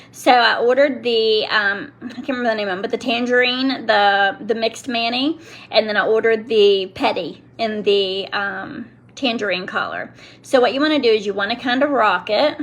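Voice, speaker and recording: A middle-aged woman chatting casually while demonstrating a product to viewers, often breaking off mid-sentence. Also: on the high side. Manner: chatty, self-interrupting, talks to viewers and kids. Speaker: nail product seller demonstrating on a live stream.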